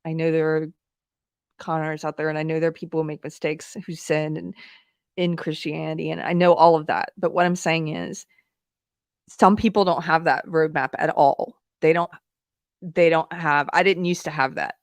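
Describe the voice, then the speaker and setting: A woman hosting a live talk show, telling a personal story in a candid, animated way with fillers and laughs, at times close to tears. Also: sits low, moderate pace, no room sound. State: emotional, near tears. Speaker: podcast host. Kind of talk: live-streamed commentary, personal anecdote.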